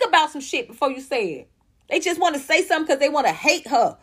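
Profane heated woman, high voice. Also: big pitch swings, fairly bright tone. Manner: blunt, profane, heated, swings between fast outbursts and slow emphasis. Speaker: commentary show host. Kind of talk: ranting opinion commentary.

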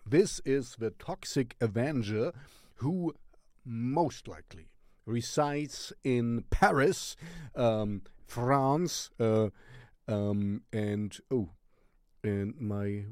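A man's voice: medium pitch, animated, drawn-out words, a little mellow, no room sound, studio quality. A man with a German accent recommending a song on his music channel, rambling and searching for words. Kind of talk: casual music recommendation vlog.

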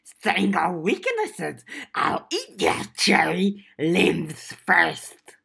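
A woman's voice: lowish voice, huge pitch swings, drawn-out words, vocal fry, a bit bright, slightly rough, full character voice. A woman voicing a small, vicious male goblin who screeches threats. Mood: hostile.

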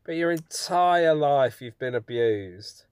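A man's voice: medium pitch, expressive, takes it slowly, clean tone, no room sound. A man with dry, teasing banter, co-hosting a casual podcast chat. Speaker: podcast co-host.

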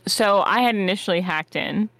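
A woman playing a tabletop role-playing game, playful and quick to laugh, asking rule questions. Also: medium pitch, fairly bright tone, poor audio. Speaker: player.

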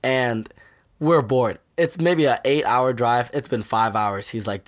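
A young man co-hosting a podcast, telling stories excitedly, laughing often and acting out what others said. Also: mid-range voice, unhurried. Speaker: podcast co-host. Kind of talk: casual chat storytelling.

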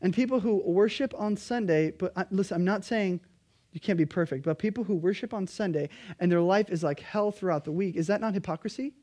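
A man, a pastor, preaching a sermon, emphatic and pleading at times, then quietly earnest. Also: sits high, fairly quick.

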